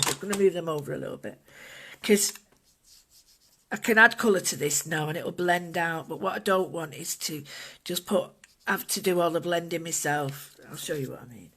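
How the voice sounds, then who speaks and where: An art instructor giving a calm, gentle, casual drawing and painting tutorial, thinking aloud while working at a desk indoors. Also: medium pitch, moderate pace, slight background noise.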